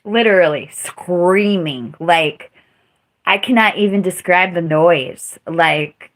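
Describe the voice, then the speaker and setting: Woman streamer rambling thru a story, slow and drawn out, swears a lot. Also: on the low side. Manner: profane, blunt, emphatic. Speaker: live streamer. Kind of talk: casual storytelling.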